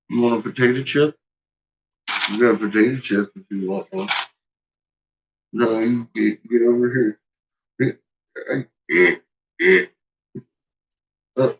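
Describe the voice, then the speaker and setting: A man's voice: mid-range voice, gravelly, lo-fi sound. A man at home talking to his pets in a playful, teasing way, baby-talking the dog and swearing casually. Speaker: pet owner.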